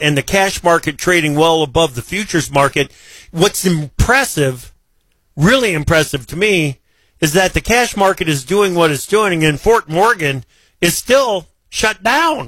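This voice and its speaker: A male host interviewing a guest, brisk and friendly, with joking asides. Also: fairly high pitch, fairly bright tone, no room sound. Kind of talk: casual interview hosting.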